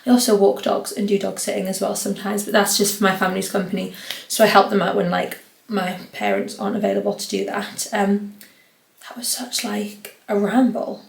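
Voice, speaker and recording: A woman's voice: mid-range voice, level tone, brisk, vocal fry. A young woman from the North East of England, hosting her podcast in a rambling, chatty way with lots of fillers. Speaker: podcast host. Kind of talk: casual solo podcast chat. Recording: roomy echo.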